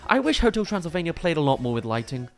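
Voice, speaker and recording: A man's voice: a little high, very animated, fast talker, soft background music. Enthusiastic male film reviewer. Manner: enthusiastic, detailed and analytical. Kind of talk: film analysis commentary.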